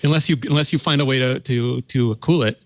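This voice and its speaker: A man on a tech podcast panel, explaining hardware in quick, technical casual talk. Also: medium pitch, steady tone, no room sound. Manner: fast, technical, laughs often.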